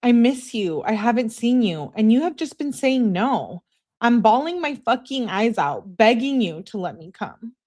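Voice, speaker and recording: A woman reading aloud as a pleading teenage girlfriend who begs again and again, her voice raised higher than her own. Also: animated, a little slow, darkish tone. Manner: high, breathless pleading with repeated begging.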